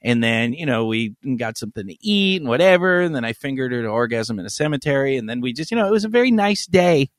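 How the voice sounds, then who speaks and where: A man's voice: mid-range voice, big pitch swings, fast, hardly any pauses, dry recording, clean studio sound. A middle-aged man, a podcast co-host, telling rambling, crude stories in casual chat with frequent laughs.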